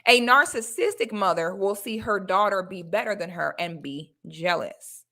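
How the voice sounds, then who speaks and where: Woman vlogger, bright tone, blunt and preachy, talks straight to the audience. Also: mid-range voice, moderate pace. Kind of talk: casual advice talk to viewers.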